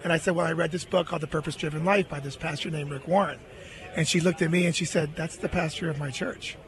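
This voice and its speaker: Man, middle-aged, high voice, earnest storyteller, interview guest. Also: steady tone, fast talker, fairly bright tone.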